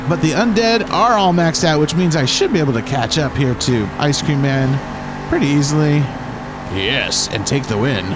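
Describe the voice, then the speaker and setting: A man's voice: fairly high pitch, expressive, normal speed, background noise. A man hosting a gaming channel, giving upbeat, chatty let's-play commentary and now and then slipping into playful pirate talk. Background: game music.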